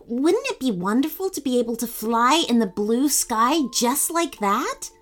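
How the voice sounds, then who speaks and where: A woman voicing a sweet, gentle young girl in a storybook, soft and delighted. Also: on the high side, lively intonation, a little slow.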